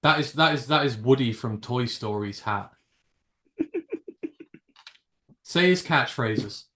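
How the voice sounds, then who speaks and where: British male stream host, loose and rambling, jokey, mid-pitched voice. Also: lively intonation, slow, bright, forceful tone. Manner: rambling, jokey, swears casually. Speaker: livestream host. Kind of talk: casual live reaction chat.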